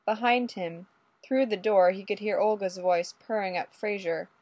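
A woman narrating a story in an even, steady way. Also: mid-range voice, moderate pace, no echo. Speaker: story reader.

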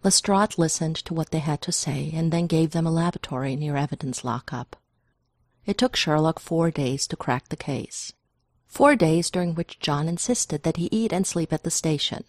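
A woman narrating a work of fiction aloud in an even, dry storytelling manner. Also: sits low, no echo. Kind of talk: audiobook reading of fiction.

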